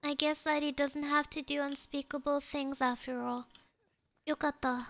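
A woman's voice: high-pitched, flat delivery, moderate pace, gravelly, fairly bright tone. A woman streamer in a put-on Southern US accent, chatting playfully through a game and calling herself by name. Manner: playful, refers to herself in third person. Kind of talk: casual gaming commentary.

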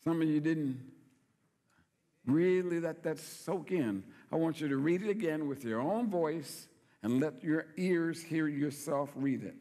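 Pastor, male, lively folksy preacher with a high voice, recorded in an echoing sanctuary. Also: unhurried. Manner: folksy, playful preaching with call-and-response questions. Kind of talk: sermon.

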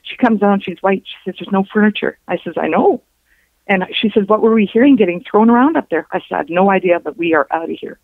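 A woman, a guest on a show, recounting a personal story in a halting way, with restarts and reported dialogue. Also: medium pitch, no echo. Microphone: telephone. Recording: tinny phone line.

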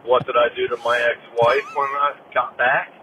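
A man's voice: medium pitch, level tone, normal speed, sharp tone, muffled recording, slight background noise. A man with a Southern US accent calling in to confess a crude, boastful revenge story by voicemail. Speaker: caller.

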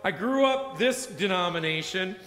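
A man preaching a sermon as pastor, telling a personal story and acting out the dialogue in a quieter voice. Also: high-pitched, animated, normal speed. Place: church sanctuary. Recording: echoey church hall reverb.

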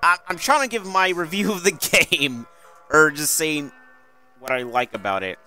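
A gaming YouTuber doing let's-play commentary, excitable and given to yelps and shouts as he reacts to the game. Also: fairly high pitch, normal speed, faint music behind.

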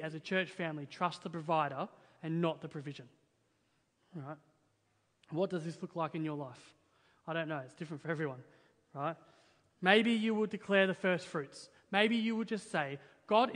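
Young pastor, high voice, earnest emphatic sermon delivery with frequent "right?" checks, long hall reverb. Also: male voice, a bit bright. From Australia. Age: young adult. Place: church hall, in front of a congregation.

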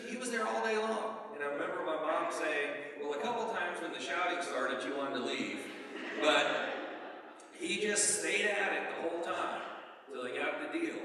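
Middle-aged man giving a halting eulogy. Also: on the high side, bright, forceful tone. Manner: plain, halting storytelling with many "and, uh" fillers. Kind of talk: memorial eulogy with family stories. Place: church sanctuary. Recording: echoey church hall, voice from far off.

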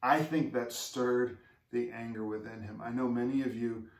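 A man's voice: mid-range voice, steady tone, moderate pace. A man preaching a sermon as pastor, in an earnest, conversational way and putting questions to his listeners. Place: church sanctuary. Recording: echoey room, mic far off.

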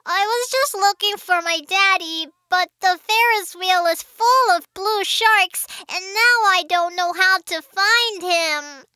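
A woman's voice: very high-pitched, takes it slowly, few pauses, sharp tone, dry recording, studio quality, exaggerated voice. A woman voicing an eager little girl shark in a cartoon, who talks to the viewers in a sing-song way. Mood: curious.

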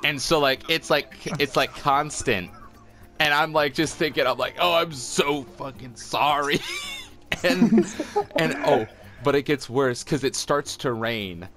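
A man's voice: mid-range voice, measured pace, a bit bright, soft background music. A young man telling a rambling, sweary story in casual chat, laughing often between filler-heavy lines. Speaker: podcast co-host telling a story.

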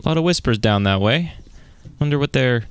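This horror-game commentary comes from a gaming YouTuber whose clear, resonant, medium-pitched voice is lively and fairly quick, with no room sound. He's jumpy and profane, talking to himself as he plays.

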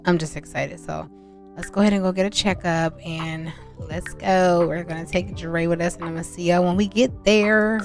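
A woman's voice: lowish voice, normal speed, faint music behind. Chatty young woman gaming host. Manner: chatty, excitable, talks to viewers as y'all. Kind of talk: casual let's-play commentary.

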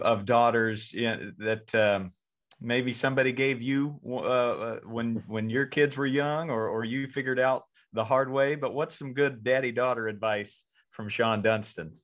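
A man in his thirties hosts the podcast and asks his questions haltingly, often starting over before he gets them out. His voice sits at a middle pitch. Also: fairly bright tone. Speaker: podcast host. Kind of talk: casual podcast chat.

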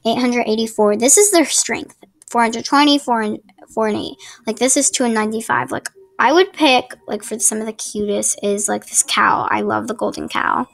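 A gaming channel host's fairly high, creaky and somewhat bright voice carries at normal speed as she gives casual tutorial commentary on gameplay. She's chatty and rambling, with apologetic asides, recorded via a laptop mic at a home desk with a ring light.

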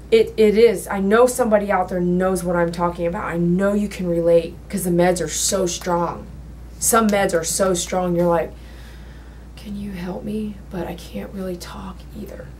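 A woman in her grooming salon tells a long personal story in a casual, rambling way. Her voice sits at a middle pitch, and she breaks into sudden loud exclamations when she gets emotional. A faint hiss runs under her voice. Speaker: dog groomer. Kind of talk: casual storytelling while working.

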